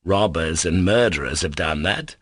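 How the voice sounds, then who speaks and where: A man's voice: sits low, animated, normal speed, slightly rough, no room sound, clean studio sound. A man voicing a loving mother who weeps over her sick son. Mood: worried, tender.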